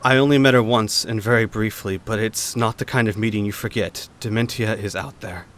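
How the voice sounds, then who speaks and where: A man's voice: lowish voice, steady tone, a little fast, fairly bright tone, close to an everyday voice. A man voicing a serious, wounded female warrior in a tabletop game.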